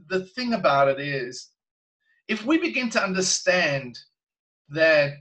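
A man working as a Christian minister, telling a story in an interview in an earnest, animated way and laughing between phrases. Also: high voice, poor audio. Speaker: Christian minister and guest speaker.

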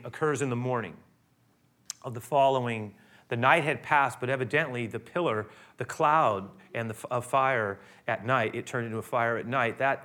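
A man preaching with a bright, forceful voice. He tells the scripture story with drama, rising to loud emphasis and dropping to a near hush. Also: medium pitch. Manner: dramatic, swinging between raised and hushed delivery. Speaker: pastor. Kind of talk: sermon.

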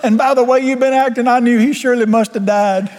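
A preacher voicing a distraught wife in a sermon story, raising his voice high and pleading. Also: steady tone, quick pace, slight background noise. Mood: pointed. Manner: high-pitched, anguished, then sharp and pointed. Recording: long church reverb, faint music.

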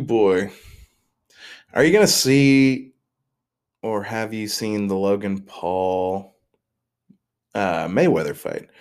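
This young podcast host, alone at the mic, has a very deep, low voice and a slightly tired, mentally worn sound. He wanders from topic to topic with self-deprecating humor, frequently stalling and starting his sentences over.

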